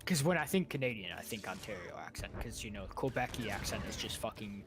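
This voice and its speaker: A man from the United States streaming a game, chatting casually in a rambling, halting way with many restarts. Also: fairly low pitch, big pitch swings, music in the background. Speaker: streamer, former soldier. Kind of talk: casual chat while gaming.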